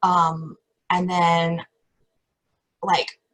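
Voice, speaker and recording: A woman's voice: lowish voice, completely flat delivery, very slow, fairly bright tone, low-quality recording. A middle-aged woman chatting as a guest in an interview, rambling and self-correcting with frequent laughter. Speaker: podcast guest. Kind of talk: casual interview chat.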